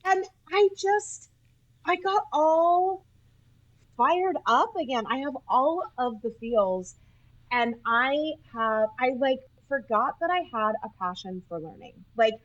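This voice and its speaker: A woman from Utah, a nurse, telling animated stories as a podcast guest, often laughing and acting out what people said. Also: high-pitched, takes it slowly, muffled recording. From Utah, USA. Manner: animated, laughing, acts out quoted speech. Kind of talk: casual interview storytelling.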